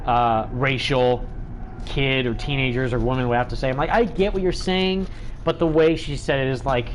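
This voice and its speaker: A man's voice: medium pitch, steady tone, normal speed, a little hiss or hum. A man hosting a gaming livestream, talking in a chatty, rambling way with lots of fillers. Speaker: livestream host.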